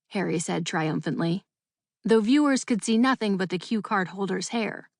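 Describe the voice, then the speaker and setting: A woman narrating a children's audiobook in a lively, expressive way. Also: fairly low pitch, moderate pace, vocal fry, no room sound, studio quality. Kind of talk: scripted storybook narration.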